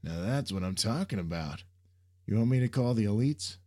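A man's voice: on the low side, expressive, moderate pace, mellow, voice pushed up. A man voicing a laid-back, reluctant young man who banters sardonically. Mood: wry.

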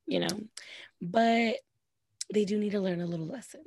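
A woman's voice: medium pitch, moderate pace, darkish tone. A woman co-hosting a podcast, giving blunt, opinionated takes in casual chat and swearing freely. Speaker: podcast co-host.

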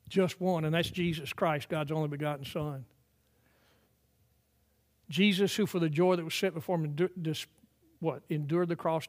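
An older male pastor with a high voice preaches a sermon in a church sanctuary. His emphatic delivery swells to loud peaks, then drops into quiet, drawn-out phrases.

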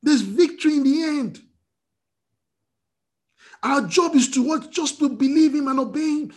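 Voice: sits high, a little slow, darkish tone. A preacher giving an emotional, fervent sermon, often restarting phrases.

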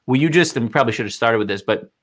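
A man hosting a casual interview, reacting with enthusiasm and warmth to his guest. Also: medium pitch, lively intonation, racing. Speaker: podcast host. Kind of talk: casual chat.

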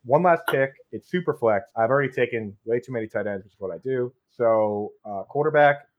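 A man's voice: medium pitch, a little fast, narrow, tinny audio. A man with a Boston accent hosting a casual podcast chat, rambling in a laid-back way and often saying "dude". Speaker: podcast host.

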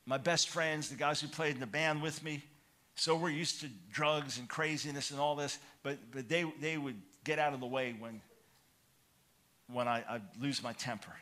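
A man preaching a sermon, telling a personal story with animated, rising excitement, then calling listeners to change. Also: moderate pace. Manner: animated storytelling, grows loud and high when excited.

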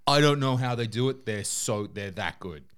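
A man's voice: on the low side, animated, normal speed, clean tone. A young Australian man with an Australian accent, co-hosting a podcast in casual chat, joking and swearing freely. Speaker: podcast co-host.

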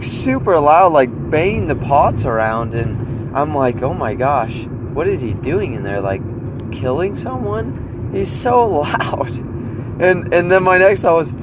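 A man's voice: medium pitch, noisy background. A young man vlogging outdoors, telling his viewers a story, acting out his own reactions and rambling with restarts.

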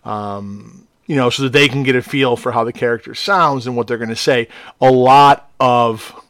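A man's voice: medium pitch, brisk, fairly bright tone, no echo. Male co-host, chatty, loose, restarts a lot, dry close-mic sound. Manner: rambling, with many restarts and fillers. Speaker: podcast co-host, module writer. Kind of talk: casual chat.

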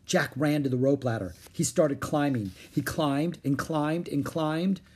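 A man reading a children's chapter book aloud in an expressive storytelling way. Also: fairly high pitch, unhurried, slightly rough. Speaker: storybook reader.

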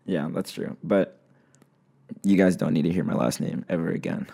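Low-voiced young man, rambling podcast chat. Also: fairly even intonation, moderate pace, vocal fry, dark tone. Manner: rambling, filler-heavy, laughs often. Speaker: podcast co-host.

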